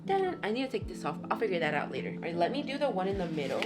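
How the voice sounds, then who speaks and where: Gushing, excitable woman vlogger. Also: lowish voice, rapid-fire, loud music behind the voice. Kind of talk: casual unboxing chat.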